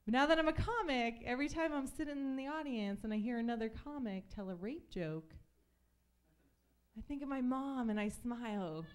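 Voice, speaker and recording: A woman's voice: a little high, normal speed. A young woman telling stories in a stand-up comedy set on a club stage, chatty with lots of fillers and acted-out voices.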